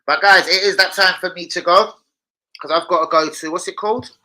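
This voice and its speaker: A man's voice: high voice, fairly even intonation, brisk, sharp tone, rough recording. A young man chatting casually on a live stream at home, swearing freely and bantering with viewers. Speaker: livestreamer.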